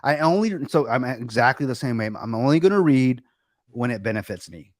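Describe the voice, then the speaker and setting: A middle-aged man, a guest, telling a rambling story in a lively, animated way. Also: medium pitch, fairly quick, no room sound, clean studio sound. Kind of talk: casual storytelling chat.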